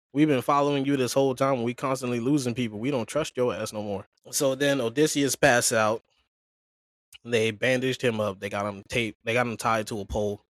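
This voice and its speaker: A man's voice: mid-range voice, no echo, studio quality. A man casually retelling a story on a podcast, acting out the characters' lines in slang. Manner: animated retelling with slangy acted quotes. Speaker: podcast co-host.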